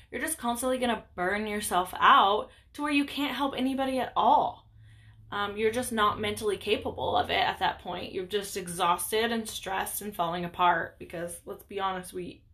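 A woman's voice: mid-range voice, a bit bright. A young woman hosting a podcast, talking candidly and chattily about her own life in a rambling casual monologue. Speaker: podcast host.

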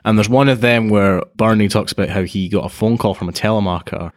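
Fast-talking man, low voice. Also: no echo, studio quality. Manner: quick, animated storyteller. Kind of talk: casual podcast chat.

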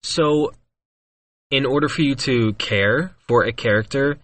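Junger Mann, Podcast-Co-Host, mittlere Stimmlage, nachdenklich und zögernd im lockeren Gespräch. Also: male voice, medium pitch, measured pace, fairly bright tone, dry recording. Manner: reflective, hesitant, many fillers. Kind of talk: casual chat.

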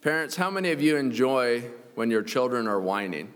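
Male preacher, mid-pitched, earnest sermon delivery, long hall reverb. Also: very animated, measured pace, pauses often. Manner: earnest, reads scripture aloud, chuckles now and then.

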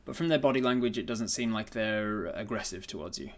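A man running a tabletop game as its game master. He describes the scene in a low voice. He stumbles often and restarts his sentences, filling gaps with ums and uhs. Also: a little fast. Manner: hesitant, many fillers and restarts.

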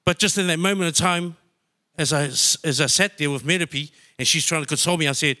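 Bright-voiced man sharing a heartfelt testimony. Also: on the high side, fast. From New Zealand. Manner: heartfelt, emotional storytelling. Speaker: church member sharing testimony. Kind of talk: personal testimony.

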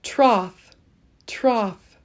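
A woman leading a pronunciation drill, saying each word twice and pausing so listeners can repeat. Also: fairly high pitch. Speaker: pronunciation teacher.

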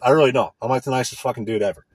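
A man's voice: medium pitch, racing, husky, no room sound. A man in a casual, profane, indignant rant. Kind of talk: casual ranting monologue.

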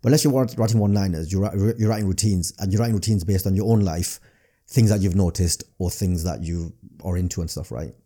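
Northern English man, comedian guest, low dark voice, rapid casual talk with stuttered restarts. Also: slightly rough. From Northern England. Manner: rapid, repeats words when restarting. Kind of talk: casual podcast chat.

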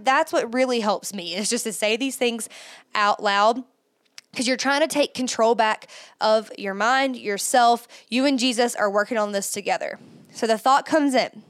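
A woman's voice: fairly high pitch, a bit bright, dry recording, clean studio sound. A woman hosting a faith-based podcast, talking earnestly and emphatically as she coaches listeners through spoken affirmations. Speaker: podcast host.

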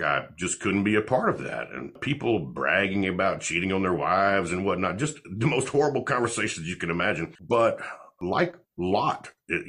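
A man, a podcast guest, telling a personal faith testimony in an animated way and acting out the dialogue. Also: sits low, slightly rough.

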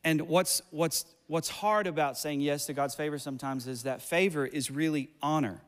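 High-voiced preaching pastor, booming hall. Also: male voice, normal speed. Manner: passionate preaching with rising emphasis, repeated phrases. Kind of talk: sermon. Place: church sanctuary.

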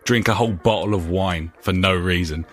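A man's voice: low voice, brisk, fairly bright tone, soft background music. A man from England hosting a casual gaming podcast, joking sarcastically and swearing freely. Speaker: podcast host.

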